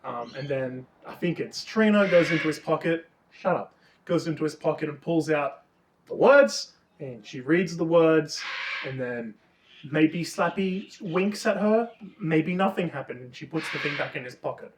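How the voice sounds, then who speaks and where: A man co-hosting a casual book review chat, retelling the plot with lots of swearing and animated energy. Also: a little high, moderate pace, a little hiss or hum. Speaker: podcast co-host. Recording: roomy, distant mic.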